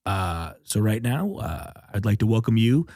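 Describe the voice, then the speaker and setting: A man's voice: fairly low pitch, sing-song, normal speed, a little mellow. A man hosting a casual comedy podcast, goofy and self-mocking, with lots of filler words. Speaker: podcast host.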